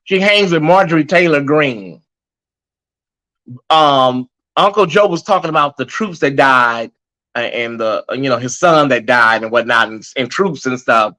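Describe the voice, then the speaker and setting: A man's voice: medium pitch, unhurried, sharp tone. A man hosting a live online commentary show, chatting casually with a sassy manner and calling his viewers y'all and honey.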